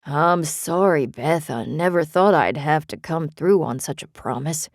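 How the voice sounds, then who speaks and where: A woman voicing a reluctant, kindly middle-aged male shop owner in an audiobook, quiet and apologetic. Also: low-pitched, a little slow, no room sound, clean studio sound. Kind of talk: audiobook character reading.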